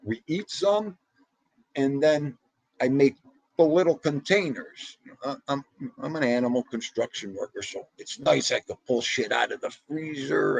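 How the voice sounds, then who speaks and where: A man hosting a livestream in casual, chatty talk, excitable, with sudden jumps up in pitch. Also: gravelly, no echo, low-quality recording. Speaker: livestream host.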